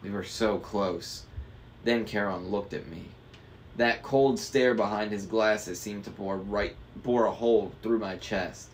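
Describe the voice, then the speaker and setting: A man's voice: fairly low pitch, steady tone, measured pace, a little hiss or hum. A man reading a novel aloud in a casual way, stumbling now and then over hard words. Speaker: book reader.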